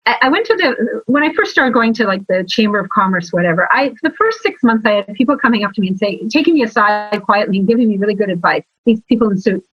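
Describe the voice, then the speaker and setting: A woman guest talking about sales and marketing in a lively interview, telling stories with emphatic, animated asides. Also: mid-range voice, fast talker, hardly any pauses, slightly rough, no echo. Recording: slightly dull, lo-fi sound.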